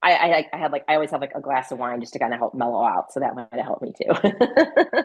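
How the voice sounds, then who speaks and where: A woman's voice: rumbling low, very animated, quick pace, husky, dry recording, dull audio. A woman guest in a casual interview, talking with lots of fillers and frequent laughs. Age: adult with a grown daughter. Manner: chatty, filler-heavy, laughs often.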